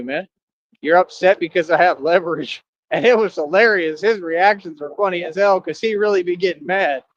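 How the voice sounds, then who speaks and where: Boastful high-voiced man ranting, lo-fi. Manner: boastful, defiant, talks to critics directly. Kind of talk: casual ranting monologue.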